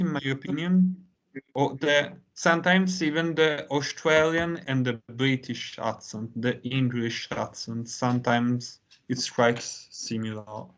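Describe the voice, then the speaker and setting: Italian guy teaching english online, slow and chatty, kinda high voice, lots of you-knows. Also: a bit bright. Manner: unhurried, many "you know" fillers. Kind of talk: conversational online lesson.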